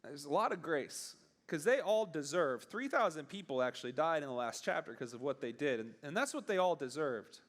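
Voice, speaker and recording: Very animated and fairly high in pitch, a young man preaches informally to teens as their youth pastor. He keeps it conversational, frequently performing short bursts of dialogue.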